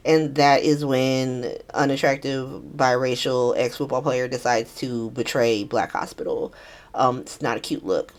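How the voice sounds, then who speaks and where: A woman's voice: very deep voice, a little slow. A woman hosting a casual soap opera recap, talking in a profane, slangy way. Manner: profane, slangy, animated retelling.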